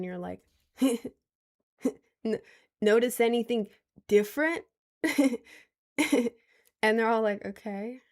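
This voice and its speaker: A woman's voice: mid-range voice, vocal fry, a little mellow. A woman of twenty chatting casually on a stream, answering viewer questions in a rambling, giggly way with lots of restarts. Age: 20s.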